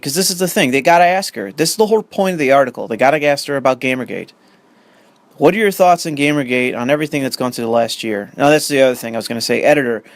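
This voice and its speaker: A man's voice: mid-range voice, vocal fry, no room sound. A young man ranting in commentary, profane and sarcastic, reading an article aloud and arguing with it. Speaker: commentary host.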